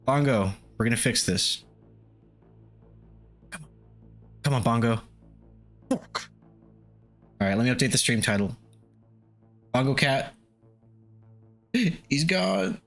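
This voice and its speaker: A man's voice: medium pitch, a little slow, pauses often, a bit bright. A man at a home gaming setup, talking loosely to viewers in a mid-range voice. He swears freely and chuckles between thoughts, with faint lo-fi music behind him. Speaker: streamer. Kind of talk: casual live-stream chat.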